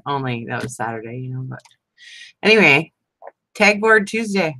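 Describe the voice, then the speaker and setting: Middle-aged woman, low-pitched and sleepy, rambling friendly stream chat, dry room. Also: fairly quick, a bit bright, no room sound. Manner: chatty and rambling, many "you know what I mean". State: sleepy, yawning. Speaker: crafting channel host. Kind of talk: casual live-stream chat.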